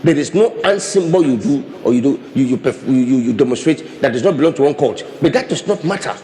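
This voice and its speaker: A pastor with a mid-range, dark-toned voice gives an expressive, brisk sermon. He keeps repeating and restarting phrases, demonstrating with his hands, in a hall with long reverb.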